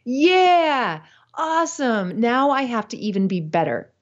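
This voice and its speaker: A man's voice: extremely high pitch, big pitch swings, unhurried, highs cut off, voice pushed up, heavily acted. A woman voicing an upbeat male climber who is cheerful about competition.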